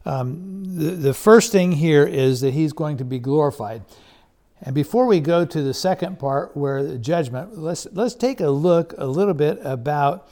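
A man preaches a sermon with an earnest, halting delivery, restarting phrases and leaning on fillers as he explains a passage. His voice sits a little high, with a dark, mellow tone. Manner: earnest, with frequent repeated words and fillers. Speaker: pastor.

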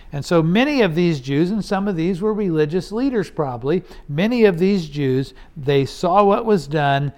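A man with a voice pitched a little above the usual male range teaches through scripture verse by verse. He explains in a conversational manner, posing rhetorical questions and often restarting his sentences. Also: darkish tone. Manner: frequent restarts and "okay"s. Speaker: Bible teacher.

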